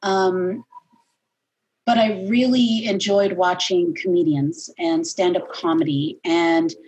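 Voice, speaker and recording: A woman's voice: fairly low pitch, steady tone, slow pace, a little mellow, slightly rough, poor audio. A woman comedian talking casually about her start in comedy, laughing often as she speaks. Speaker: guest comedian. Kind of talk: casual conversation.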